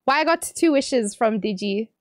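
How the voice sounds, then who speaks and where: A woman streamer reading out viewer messages on a livestream, teary and emotional, bubbly and quick to laugh. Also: fairly high pitch, animated, no room sound, studio quality.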